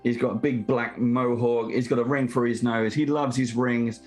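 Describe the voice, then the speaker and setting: A man's voice: mid-range voice, flat delivery, normal speed, a little mellow. Earnest man introducing his dwarf character. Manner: enthusiastic, earnest. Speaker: player. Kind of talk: casual tabletop chat. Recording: faint background music.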